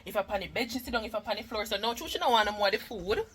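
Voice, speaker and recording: A woman's voice: medium pitch, lively intonation, rapid-fire, background noise. A Jamaican woman and mother chatting casually in a vlog, emotional and talkative, mixing patois with English. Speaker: mother and vlogger.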